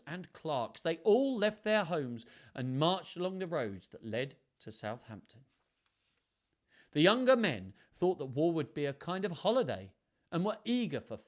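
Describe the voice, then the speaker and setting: A man hosting a live storytime, reading aloud and chatting playfully to viewers between passages. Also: mid-range voice. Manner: playful, chatty, self-mocking asides.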